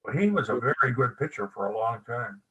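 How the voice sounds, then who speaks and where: A man's voice: mid-range voice, lively intonation, brisk, a bit bright, lo-fi sound. An older man giving an anecdotal local history talk at a club meeting, a folksy storyteller who spells words out letter by letter. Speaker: guest speaker.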